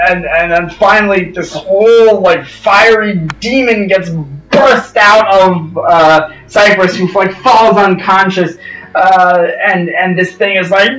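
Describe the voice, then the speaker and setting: A man narrating as game master, rambling and excitable with lots of fillers and yelped sound effects. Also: high voice. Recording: roomy echo from a distance, music behind.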